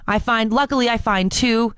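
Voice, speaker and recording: A woman's voice: a little high, moderate pace, fairly bright tone, clean tone, dry recording, studio quality. Young woman telling a story casually. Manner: storytelling, laughs often, restarts. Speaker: co-host. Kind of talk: casual chat.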